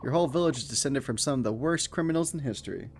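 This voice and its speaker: A man's voice: medium pitch, lively intonation, fast talker, slight background noise, close to an everyday voice. A man voicing a cruel male prison guard in a game, taunting.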